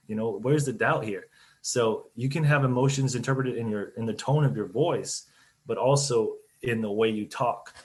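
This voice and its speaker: A man, a company CEO, giving conversational, explanatory answers in an interview over a video call. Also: medium pitch. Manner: conversational, explanatory, laughs easily.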